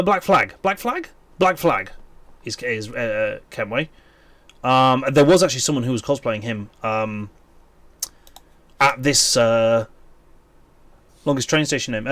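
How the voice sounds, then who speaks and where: A man's voice: mid-range voice, lively intonation, slow pace, long pauses, a bit bright, no room sound. A man with a Welsh accent chatting casually with viewers while streaming a game, rambling and thinking aloud. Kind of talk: casual live-stream chat while gaming.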